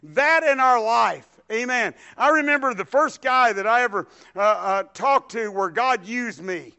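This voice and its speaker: A man's voice: extremely high pitch, bright, forceful tone, smooth. A man with a Texan accent preaching a sermon, telling his own testimony in a folksy, rambling way with frequent amens. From Texas, USA. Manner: folksy storytelling, drawn-out phrases, frequent amens.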